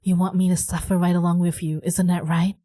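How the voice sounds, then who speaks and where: A woman voicing a moody, sarcastic teenage girl from a story-driven game, reading her lines aloud in a bratty tone that turns to shouting when upset. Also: lowish voice, little pitch movement, brisk, no echo, lightly acted. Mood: furious.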